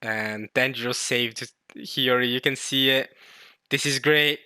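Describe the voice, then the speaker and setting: A man casually reading a comic chapter aloud and reacting to it, excitable, with mild swearing and frequent self-corrections. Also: mid-range voice, a little slow, smooth, no echo, clean studio sound. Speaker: manga reaction YouTuber.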